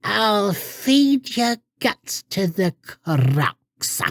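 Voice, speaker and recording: Woman doing a pirate villain, snarling, gravelly, very slow threats, dry sound. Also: medium pitch, big pitch swings, no room sound, voice pushed down, exaggerated voice. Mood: menacing.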